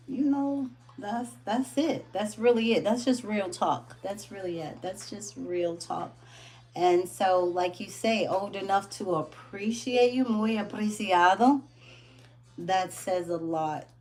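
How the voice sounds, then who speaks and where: A woman in her late fifties chatting casually with viewers on a livestream, in a lively, talkative way. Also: lowish voice. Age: late 50s. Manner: chatty and animated, drops into quoted voices.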